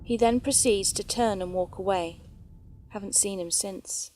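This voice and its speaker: A woman narrating true scary stories in a calm, measured storytelling voice. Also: medium pitch, a little hiss or hum. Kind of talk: reading scary stories aloud. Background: faint background music.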